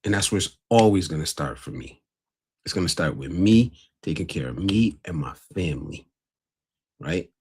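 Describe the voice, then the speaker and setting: A man's voice: deep voice, animated, moderate pace, darkish tone, slight background noise. A man hosting a casual livestream, talking bluntly and earnestly to his viewers. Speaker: livestream host.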